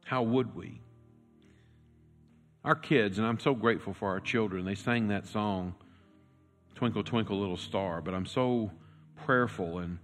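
A man preaching a sermon as pastor, telling a story and swinging from loud, urgent lines to hushed, quiet ones. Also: on the low side. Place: church sanctuary. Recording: long reverb with faint music.

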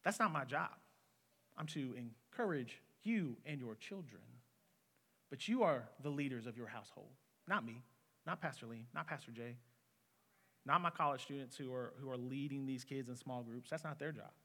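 A man's voice: medium pitch, normal speed, pushed and bright. A man in his twenties preaching an earnest, conversational sermon as a student pastor in a church hall. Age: 20s. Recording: long reverb of a hall.

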